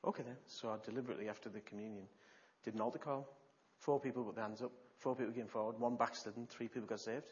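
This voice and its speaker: A man preaches a sermon in an animated storytelling manner, swinging between loud bursts and quieter asides. His voice sits at a middle pitch. The recording is dull and lo-fi. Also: quick pace.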